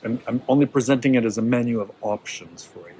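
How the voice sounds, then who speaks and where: A man's voice: mid-range voice, quick pace, dark tone, slight background noise, low-quality recording. Male workshop leader, mid-range voice, casual and encouraging, keeps asking "right?". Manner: conversational, checks in with listeners. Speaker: teacher leading a workshop. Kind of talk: informal teaching talk to a small group.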